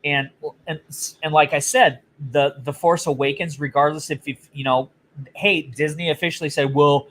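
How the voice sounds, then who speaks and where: A man's voice: on the high side, normal speed, a bit bright. A man co-hosting a casual chat, telling stories in a blunt, profane way. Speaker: podcast co-host.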